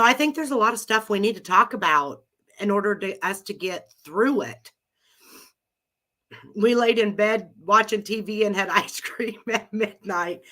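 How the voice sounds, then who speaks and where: A woman's voice: mid-range voice, bright, forceful tone. A middle-aged woman with a cold, hosting a live chat with listeners in a rambling, chatty way and laughing often. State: has a cold. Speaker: live audio room host.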